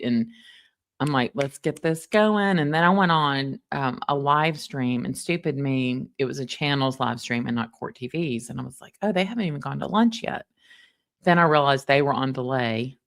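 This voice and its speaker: A middle-aged woman, chatting casually with livestream viewers in an animated, storytelling way. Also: very deep voice, gravelly. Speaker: livestream host recapping a trial. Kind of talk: casual chat with live viewers.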